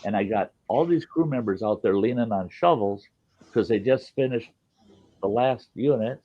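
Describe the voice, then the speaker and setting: A man's voice: mid-range voice, moderate pace, no room sound, lo-fi sound. A man hosting a podcast, telling a work story in casual chat, blunt and profane, acting out the people he quotes. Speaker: podcast host.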